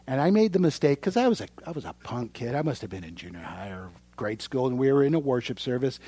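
A man preaching a sermon, swinging from loud proclamation to hushed whispers and speaking straight to his congregation. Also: mid-range voice, slightly rough. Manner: addresses the congregation directly. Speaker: pastor.

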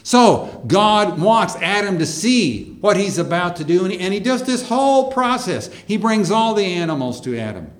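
Slow-paced male preacher, slightly high voice. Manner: slow, measured preaching with emphatic rises. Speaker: pastor. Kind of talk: sermon.

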